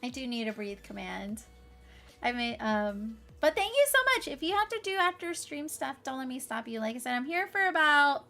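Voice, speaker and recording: High, lively woman streamer, bubbly and effusive, bright voice, faint music behind. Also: normal speed. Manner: bubbly and effusive, frequent laughter and fillers. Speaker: variety streamer. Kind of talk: casual livestream chat.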